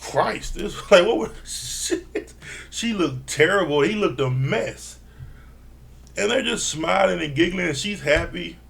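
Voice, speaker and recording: A man giving a blunt, profane casual recap of a reality TV episode, laughing often and mimicking people in a higher voice. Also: animated, a little slow, vocal fry, fairly bright tone. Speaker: reality TV reviewer.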